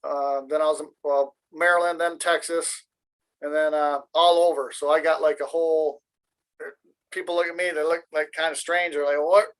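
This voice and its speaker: A man's voice: a little high, flat delivery, normal speed, a bit bright, clean tone, rough recording. A man from Michigan chatting casually on a video call, rambling and joking in an easygoing way. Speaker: meeting participant. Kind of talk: casual chat.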